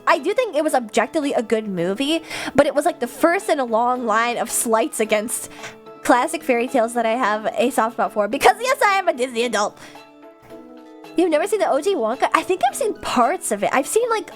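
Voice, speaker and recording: A young adult woman with a high voice livestreams, chatting casually as she answers viewers' comments. She's animated and chatty, laughing often and swearing casually.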